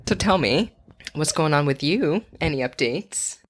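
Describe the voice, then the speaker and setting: Very low-voiced woman chatting casually. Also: animated, unhurried. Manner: candid, laughs often, many "like" fillers. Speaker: podcast co-host. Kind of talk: casual chat.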